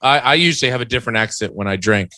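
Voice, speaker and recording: A man's voice: mid-range voice, rapid-fire, bright, forceful tone, no room sound. A man co-hosting a podcast, riffing and teasing playfully in casual banter. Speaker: podcast co-host.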